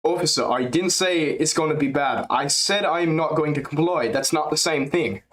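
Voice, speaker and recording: A man's voice: on the high side, moderate pace, fairly bright tone, pitched above the performer's own voice, close to an everyday voice. A man doing an impression of a stubborn male fighter with a put-on Dutch-leaning European accent, speaking in clipped, defiant lines.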